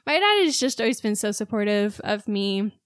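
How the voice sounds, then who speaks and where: A woman's voice: medium pitch, sing-song, moderate pace, dry recording. A woman co-hosting a casual podcast, chatty and openly emotional as she talks. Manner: chatty, gets emotional and laughs through tears. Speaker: podcast co-host, esthetician.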